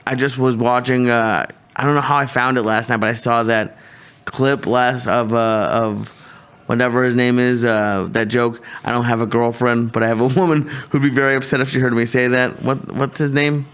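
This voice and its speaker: A man's voice: medium pitch, little pitch movement, moderate pace, a bit bright, smooth. Male host, plain everyday voice, brief curious questions. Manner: short curious questions and reactions. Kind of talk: casual chat.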